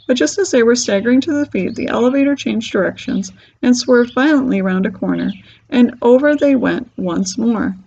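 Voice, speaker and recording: A woman reading a children's book aloud with lively, expressive storytelling. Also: on the high side, moderate pace, vocal fry, slightly rough. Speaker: storybook reader. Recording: dull lo-fi recording.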